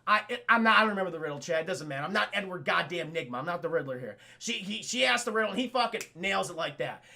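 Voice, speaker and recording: Gravelly, profane streamer recapping a film. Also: male voice, high-pitched, lively intonation, fast, bright, forceful tone. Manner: profane, rambling, talks to chat.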